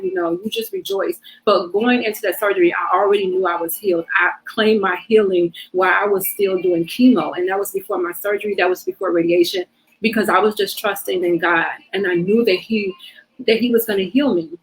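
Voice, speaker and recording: Middle-aged woman host, casual and emotional testimony delivery, mid pitch. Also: poor audio. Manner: emotional, faith-filled, many fillers like "you know". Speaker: host sharing her testimony.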